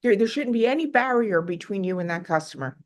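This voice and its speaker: A woman's voice: medium pitch, animated, fast talker. A woman appearing as a guest sales expert, making her points firmly with rhetorical questions. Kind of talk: casual interview chat.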